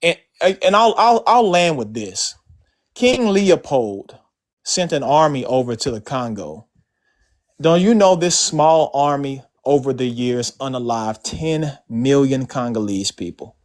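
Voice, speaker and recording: A man's voice: mid-range voice, lively intonation, unhurried. A man making a blunt, emphatic closing point in a live debate. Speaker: debate panelist.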